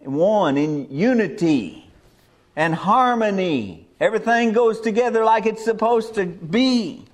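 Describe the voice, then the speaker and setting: A man's voice: high-pitched, animated, slow pace. A man preaching a sermon in folksy rural speech, building to emphatic exhortations.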